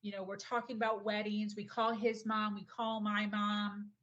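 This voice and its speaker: A young adult woman telling a personal story in a casual, animated way, often saying "like" and acting out what people said. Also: medium pitch, moderate pace, muffled recording. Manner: animated, acts out quotes, says "like" often. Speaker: podcast guest.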